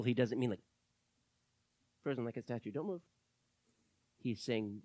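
A pastor preaching a sermon to his church, swinging between hushed words and loud, fervent calls. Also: mid-range voice, moderate pace, long pauses, no echo. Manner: dramatic, swings from hushed to shouting.

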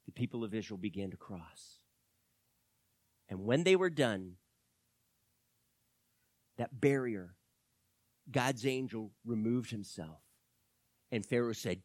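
Slow, dramatic male preacher, dry sound. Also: on the high side, big pitch swings, no echo. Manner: dramatic, swings from hushed to shouting. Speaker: pastor. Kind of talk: sermon.

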